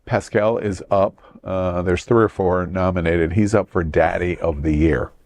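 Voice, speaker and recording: A man hosting a studio talk show who leads the panel with relaxed questions. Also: low voice, measured pace. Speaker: host. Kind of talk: casual panel banter.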